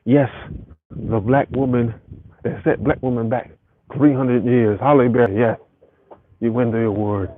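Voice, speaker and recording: A man's voice: mid-range voice, steady tone, measured pace, pauses often. A man ranting on a live stream from home, rambling and profane as he talks straight to his viewers. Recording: tinny phone audio with faint hiss.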